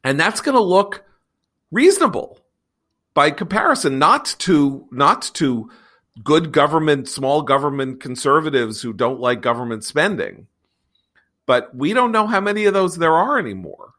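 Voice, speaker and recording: A man hosting a political talk show, chatting casually and reading a sponsor spot, animated and sarcastic, with frequent digressions. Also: fairly high pitch, moderate pace. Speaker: podcast host.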